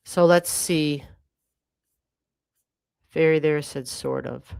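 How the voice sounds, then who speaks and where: A woman's voice: low-pitched, fairly even intonation, slow, creaky, darkish tone, clean tone. A woman hosting a livestream astrology reading, rambling casually and correcting herself as she talks to viewers.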